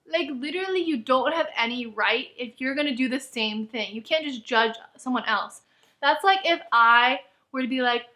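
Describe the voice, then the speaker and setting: A woman's voice: high-pitched, lively intonation, normal speed, sharp tone. A woman ranting in a book review vlog, exasperated and full of "like.". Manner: exasperated, heavy use of "like".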